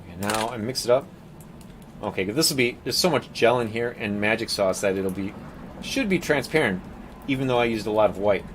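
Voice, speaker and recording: A man's voice: on the low side, brisk, slight background noise. A man chatting casually and rambling with jokes as he paints on a live stream, calling his viewers "team".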